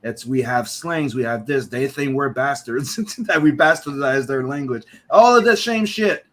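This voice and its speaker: A man's voice: mid-range voice, moderate pace, a bit bright. A man in casual podcast chat who talks loosely, swears now and then and laughs easily.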